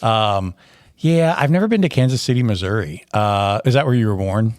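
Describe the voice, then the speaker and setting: A man's voice: lowish voice, animated, normal speed, darkish tone, no room sound. Chatty jokey man, dry close sound. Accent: general American. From Tennessee. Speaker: teacher and podcast host. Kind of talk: casual interview chat.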